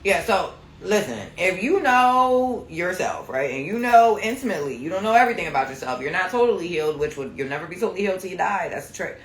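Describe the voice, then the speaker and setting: A woman's voice: fairly low pitch, animated, fast talker, few pauses, slight background noise. A woman tarot reader chatting casually on a live stream at home, blunt and profane. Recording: roomy echo.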